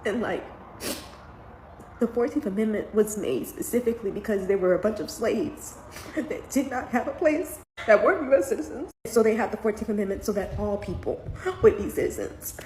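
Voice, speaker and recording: A woman, a mother, giving emotional vlog commentary while trying not to cry, her talk earnest and halting. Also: medium pitch, darkish tone. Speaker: parent commenting on the news. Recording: echoey room with faint background noise.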